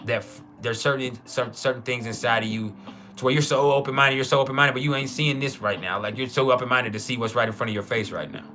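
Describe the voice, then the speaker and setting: A Texan man with a Texan accent hosts an astrology livestream, talking fast in a loose, rambling, casual way that turns loud and heated. His voice is mid-range with a steady tone, and faint music plays behind him.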